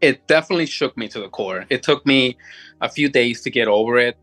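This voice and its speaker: A man telling a personal supernatural story as a guest, halting and restarting often, audibly moved as he talks. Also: mid-range voice, fairly bright tone, husky, faint music behind, poor audio. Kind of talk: emotional first-person storytelling.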